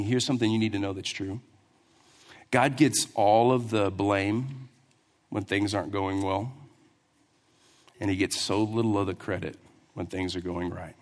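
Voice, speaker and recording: A man preaching a sermon, telling a Bible story with lively asides and acting out the characters. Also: medium pitch. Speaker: pastor. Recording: long hall reverb.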